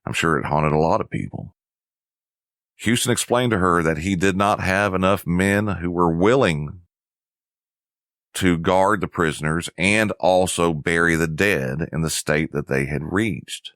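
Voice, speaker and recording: A man narrating a history lesson in a measured, somber storytelling manner. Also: sits low, fairly bright tone, no echo, studio quality.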